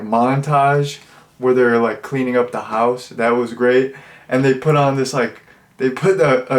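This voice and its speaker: A young man giving a casual, rambling movie review, full of fillers and restarts. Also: mid-range voice.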